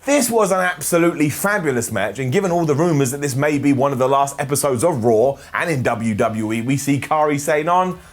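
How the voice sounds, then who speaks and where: A man's voice: mid-range voice, lively intonation, fairly quick, few pauses. A man reviewing a wrestling show in a comedic, sarcastic recap monologue. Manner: sarcastic, jokey, mocking asides.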